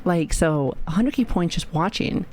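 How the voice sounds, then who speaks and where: A woman's voice: on the low side, lively intonation, moderate pace. A woman streaming live and chatting casually with her viewers, swearing freely and laughing often, who says she has been sick lately. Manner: profane, joking, laughs often. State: recovering from illness.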